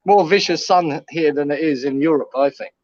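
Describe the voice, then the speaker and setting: A man's voice: a little high, normal speed, darkish tone, no echo, dull audio. A middle-aged man from England chatting casually on a video call, calling everyone mate. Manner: chatty, says mate a lot. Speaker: West Ham fan chatting on a channel call. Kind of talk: casual chat.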